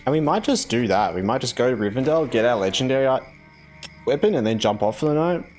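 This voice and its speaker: A man's voice: medium pitch, animated, quick pace, a little mellow. Casual male streamer, mid-range voice, rambly and loose, faint game music underneath. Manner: rambling, filler-heavy, self-correcting. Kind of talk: casual live-stream chat while playing.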